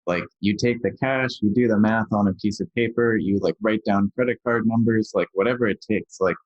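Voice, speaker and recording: A man's voice: lowish voice, brisk. A man speaking as a podcast guest, explaining technical points plainly and casually with many fillers. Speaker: guest software engineer. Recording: dry, dull lo-fi sound.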